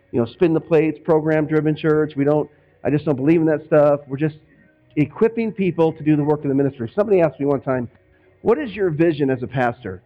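A man's voice: a little high, highs cut off. A man preaching as a pastor in a conversational way, from Northwest Indiana, slipping into quoted voices now and then. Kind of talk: sermon.

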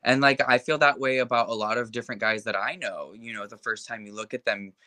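Bright-toned young man chatting frankly. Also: medium pitch, steady tone, quick pace, no room sound. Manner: frank, chatty, many fillers like "like" and "you know". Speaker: interview guest. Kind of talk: casual conversation.

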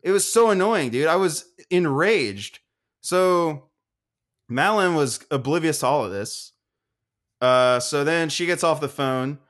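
Profane, animated young man ranting. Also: on the high side, unhurried. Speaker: podcast co-host. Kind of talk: casual podcast chat.

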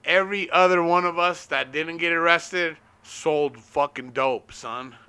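A man's voice: fairly high pitch, measured pace, pushed and bright, clear, resonant tone. A young man casually telling a rowdy story, rambling and swearing constantly, laughing at his own tale.

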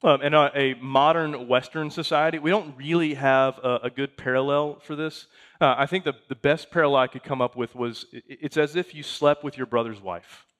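A man's voice: mid-range voice, steady tone, moderate pace, a bit bright. A man in his thirties, a pastor preaching a sermon in a conversational way, reading scripture aloud and making asides to the congregation.

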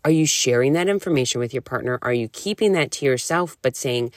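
A woman in her thirties, a podcast host and nutrition coach, talking in a candid, animated way, full of "like" and casual swearing. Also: a bass voice, a little fast, few pauses, no echo, studio quality. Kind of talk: casual solo podcast talk.

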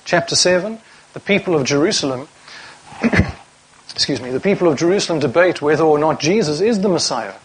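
A man's voice: on the high side, animated, brisk, a little hiss or hum, rough recording. A man preaching a sermon to a congregation, reading scripture aloud and asking rhetorical questions.

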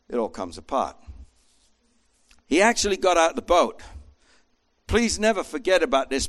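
A man preaching a sermon with an animated manner, acting out voices as he tells the story. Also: medium pitch. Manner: animated, acts out voices in quotes.

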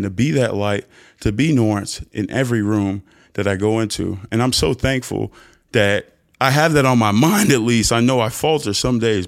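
A young man hosting a podcast, giving an earnest, preachy, faith-based motivational talk that often jumps into high mock voices for emphasis. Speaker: podcast host.

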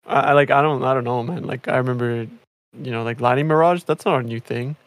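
A man's voice: mid-range voice, quick pace, dry recording. A man chatting casually about a video game, rambling with many fillers and restarts. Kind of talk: casual gaming chat.

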